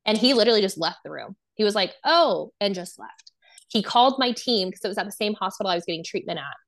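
A woman's voice: medium pitch, expressive, fast talker, a bit bright. Young woman telling her own story, super casual, lots of "like", acts out what people said. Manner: casual, filler-heavy, acts out quoted dialogue. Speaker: guest sharing her story. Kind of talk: candid personal storytelling.

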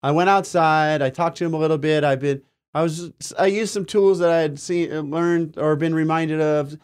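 A man with a smooth, resonant voice pitched a little high co-hosts a spiritual talk show. He tells earnest, meandering personal stories in an easy conversational way. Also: moderate pace. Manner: earnest, rambling personal anecdotes.

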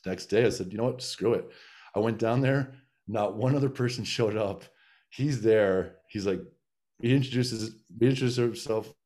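Middle-aged man, low-ish voice, loose rambling storyteller, lots of restarts. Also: normal speed, a little mellow. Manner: rambling, frequent restarts and filler. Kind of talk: casual storytelling chat.

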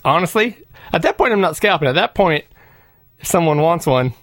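A man's voice: a little high, very animated, brisk, a bit bright, no echo, studio quality. A man co-hosting a casual podcast about retro games, laughing often and reading out lists of titles. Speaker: podcast co-host. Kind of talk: casual chat.

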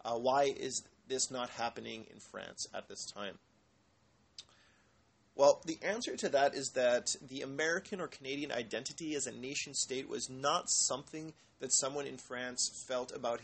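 A man's voice: mid-range voice, moderate pace, creaky, husky. Male lecturer, informal history talk, frequent ums and uhs, explains patiently and answers his own questions. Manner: hesitant, many filler words.

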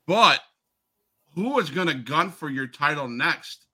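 A man's voice: on the high side, lively intonation, a little slow, bright, forceful tone, breathy edge. A man hosting a wrestling podcast, asking long rambling questions and stirring up rivalries. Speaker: podcast host. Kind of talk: podcast interview.

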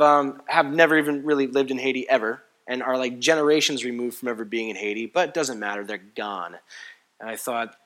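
Male pastor preaching in a church, fairly high voice, repeats his key line for emphasis, drops soft, then rises loud and urgent. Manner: swings between hushed and loud passionate delivery; repetitive emphatic phrasing. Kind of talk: sermon.

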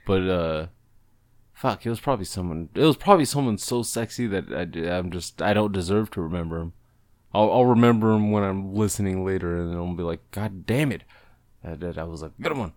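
A man's voice: sits low, a little fast, darkish tone, no room sound, studio quality. A man co-hosting a podcast in crude, rambling casual chat, often breaking into laughter. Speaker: podcast co-host.

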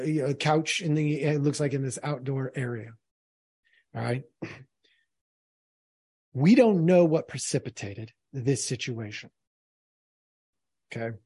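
A man's voice: a little high, darkish tone, slightly rough, dry recording, studio quality. A man commenting earnestly on a played clip, speaking directly to his audience. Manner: earnest, addresses the audience as folks.

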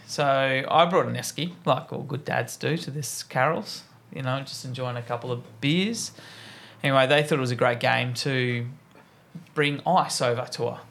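A man's voice: medium pitch, normal speed, gravelly, fairly bright tone. An Australian man co-hosting a podcast, joking and mocking himself as he starts a story. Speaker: podcast co-host. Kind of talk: casual chat.

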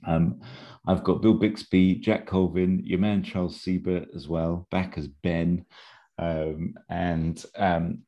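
A man's voice: low-pitched, level tone, slow, dull audio. A man co-hosting a podcast, rambling through an episode idea with many fillers and restarts. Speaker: podcast co-host. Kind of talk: casual chat, pitching an episode idea.

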